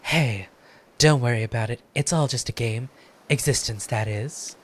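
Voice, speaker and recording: A man's voice: medium pitch, moderate pace, lightly acted. A man voicing a laid-back game character who speaks in a breezy, offhand way.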